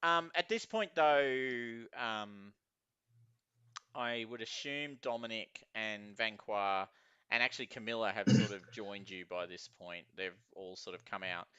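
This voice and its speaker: A man's voice: lowish voice, measured pace, pushed and bright, smooth, no echo. A man running a tabletop game as game master, rambling with many fillers and laughs, on a dull, lo-fi recording.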